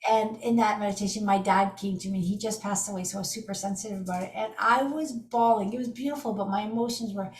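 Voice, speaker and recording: A woman's voice: mid-range voice, quick pace, hardly any pauses, recorded from a distance. Middle-aged woman teaching in a roomy echo. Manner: enthusiastic, storytelling with lively asides. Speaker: energy healing teacher. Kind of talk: casual teaching talk. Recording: echoey room, from off the mic.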